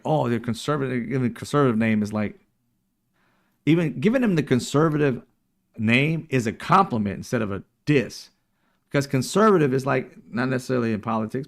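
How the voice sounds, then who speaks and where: A man with a gravelly, mid-range voice hosts a casual political livestream. The political commentary show host talks emphatically and mocks his opponents in put-on quotes.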